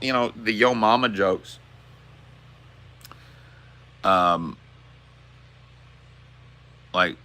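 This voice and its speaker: A male streamer talks to his chat in a loose, rambling way and swears often. His voice sits low but has a very bright, forceful edge. He sounds relaxed and unscripted. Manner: rambling, profane, laid-back. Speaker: streamer answering chat questions. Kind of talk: casual livestream chat.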